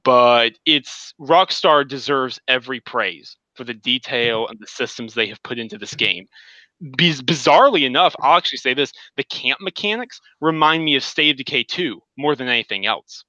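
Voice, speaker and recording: A man with a bright, forward voice chats eagerly on a gaming podcast, recounting a story in animated detail. The sound is dry and a little dull, like online call audio. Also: mid-range voice, normal speed, no echo. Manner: enthusiastic, animated storytelling with acted quotes. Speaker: podcast co-host. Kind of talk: casual gaming podcast chat.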